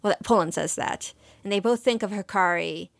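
A woman co-hosting a casual podcast recaps an anime episode, chatty and emotional, full of fillers and quoted lines. Her voice is medium in pitch and creaky, moving at a normal speed. The sound is dry and clean, studio-grade.

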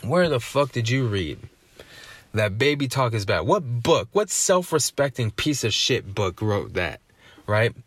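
A man ranting in a casual, profane podcast monologue. He swears freely, keeps asking "right?", and rises to loud indignation. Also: medium pitch, very animated, measured pace, dry recording. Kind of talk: profane comedic rant.

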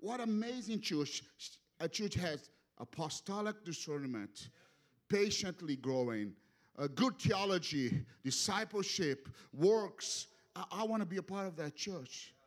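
A man preaches a sermon in a church. He is passionate and animated and often repeats words as he drives a point home. His voice sits somewhat high for a man. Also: a little slow. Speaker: guest preacher. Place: church sanctuary.

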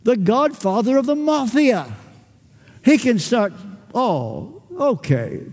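An older man preaching a sermon, emphatic, acting out little dialogues and pausing for weight. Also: extremely high pitch, expressive, darkish tone. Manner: emphatic, with acted-out dialogue and long pauses. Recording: church with long reverb.

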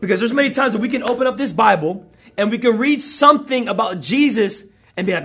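A man preaching a sermon as pastor, in an energetic, conversational style that repeats key phrases for emphasis. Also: high voice, fast talker, husky.

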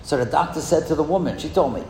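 A man giving a storytelling speech in a school hall, lively and asking the audience questions. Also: fairly high pitch, fast talker, a little hiss or hum. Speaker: speaker addressing a school audience. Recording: echoey hall with long reverb.

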